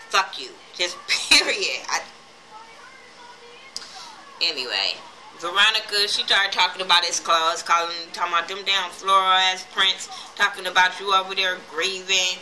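Woman recapping, bright and blunt. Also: lowish voice, slight background noise, low-quality recording. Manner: blunt, profane, animated retelling with quoted voices. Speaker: TV episode reviewer. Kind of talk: casual recap vlog.

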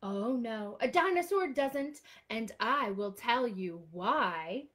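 A woman's voice: fairly high pitch, expressive, slow pace, hardly any pauses, a bit bright. A woman librarian holding an online storytime for young children, reading aloud and singing with a sing-song, exclaiming manner.

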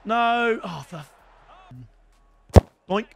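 High-pitched British streamer shouting at his game. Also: normal speed, music in the background. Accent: British English. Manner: excitable, swears, shouts at the game, addresses viewers as lads. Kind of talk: live gaming commentary.

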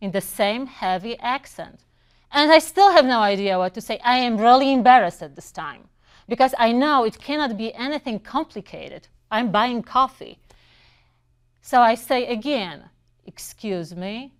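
A middle-aged woman whose first language isn't English, though she teaches it, shares personal stories in a chatty way, with small restarts and fillers. Her voice sits fairly high and is expressive, at a normal pace with a clean tone.

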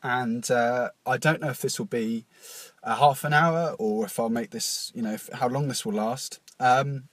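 A man hosting a confessional podcast, speaking in a halting, nervous and openly emotional way with many pauses and restarts. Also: mid-range voice, steady tone, a bit bright, no echo. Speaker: podcast host.

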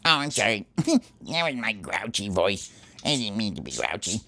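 A man's voice: on the low side, huge pitch swings, normal speed, gravelly, sharp tone, full character voice. A man doing a jumpy squirrel. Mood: defensive. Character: jumpy male squirrel, hungry, briefly grouchy. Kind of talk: home-made pretend play.

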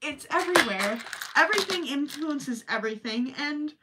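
A woman chatting on a crafting live stream, emphatic and animated, sometimes trailing off to a near-whisper. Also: sits high, moderate pace, distant mic, very noisy. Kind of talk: casual live stream chat.

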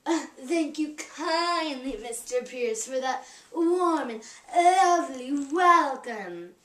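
A girl voicing a stuck-up, snobbish Gold Rush stage performer, with a haughty, drawn-out delivery, recorded far from the mic in an echoey room. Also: high-pitched, animated, fairly bright tone. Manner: haughty, drawn-out line reading.

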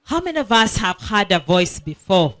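A woman's voice: mid-range voice, very animated, a bit bright. A woman preaching a children's sermon at a school prayer week, asking her listeners questions and repeating key words for emphasis. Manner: slow, emphatic, asks the audience questions. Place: school assembly.

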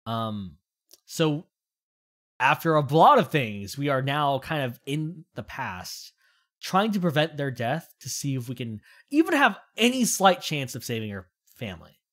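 A woman's voice: very deep voice, very animated, measured pace. A young woman streaming a game, chatting casually and explaining the story in a rambling way. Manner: chatty, rambling, reads game text aloud.

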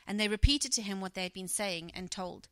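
A middle-aged woman preaching a sermon, retelling a story and acting out its quoted speech with lively emphasis. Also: medium pitch, brisk, clear, resonant tone, no echo.

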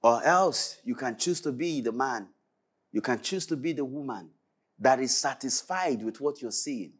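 Preaching a Bible study sermon at normal speed, a male pastor sounds animated and husky, his passion swinging from loud cries to low, pleading prayer.

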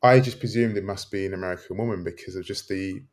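A man's voice: low voice, quick pace, darkish tone. A man, a professor guest, answering thoughtfully and reflecting on memories. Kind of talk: interview.

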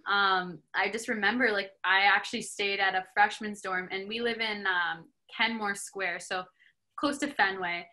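A woman's voice: mid-range voice, steady tone, moderate pace, pushed and bright. A young woman from Canada, a hockey player and podcast guest, chatting casually with many filler words. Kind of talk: casual interview chat.

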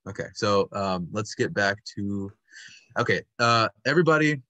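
A man's voice: lowish voice, lively intonation, normal speed, sharp tone, dry recording. A man instructing an online puppetry workshop over a video call, patient and encouraging as he explains step by step.

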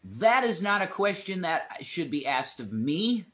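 A man's voice: on the high side, very animated, a little slow, a bit bright. Rambling, foul-mouthed man on a livestream. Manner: rambling, swears freely, reads chat aloud. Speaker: livestream co-host. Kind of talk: casual livestream chat.

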